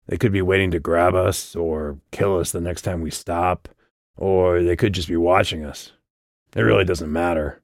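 A man voicing a calm, cryptic traveler. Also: no room sound, studio quality. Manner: low, unhurried and evasive. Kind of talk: audiobook character reading.

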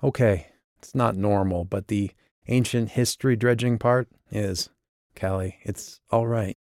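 A man voicing the wry, gentle ghost of a young man in an audiobook. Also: on the low side, steady tone, measured pace, no echo, clean studio sound.

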